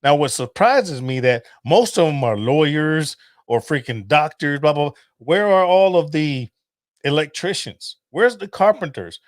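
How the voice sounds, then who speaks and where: A man in his fifties riffs through a casual podcast, animated, profane and quick to laugh. His voice sits fairly high for a man, and the sound is dry and close with no room around it. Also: no room sound. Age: 50s. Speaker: podcast host. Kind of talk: casual livestream podcast chat.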